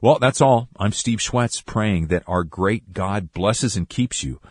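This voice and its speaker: Deep husky guy hosting a bible radio show, upbeat scripted outro, dry close mic. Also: slow, no echo. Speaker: radio program host.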